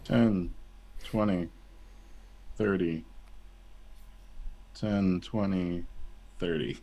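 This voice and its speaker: A man's voice: low-pitched, fairly even intonation, drawn-out words, dark tone. A man playing a tabletop game, laid-back as he counts out his moves. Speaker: player.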